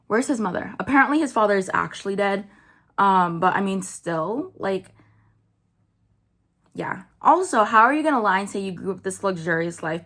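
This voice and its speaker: A woman's voice: mid-range voice, fairly bright tone. A woman vlogger giving casual commentary, chatty and blunt, with lots of "like" and "um". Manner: chatty, blunt, filler-heavy with "like" and "um".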